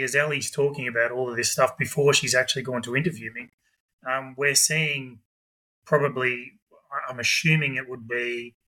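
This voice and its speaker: A man, a guest, telling a lively anecdote with quick asides. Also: mid-range voice, poor audio. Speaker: guest, budgie club president. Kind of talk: animated storytelling.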